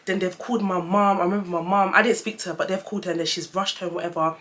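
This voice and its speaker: A woman's voice: fairly low pitch, rapid-fire, noisy background. Chatty young woman telling a story. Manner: chatty, animated storytelling, addresses viewers as guys. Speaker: vlogger. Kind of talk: story-time vlog.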